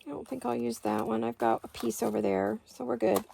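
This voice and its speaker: A woman's voice: on the high side, steady tone, brisk, vocal fry, mellow, a little hiss or hum. A middle-aged woman hosting a craft video, chatting casually to her viewers and to herself as she works. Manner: chatty, talks to herself while working.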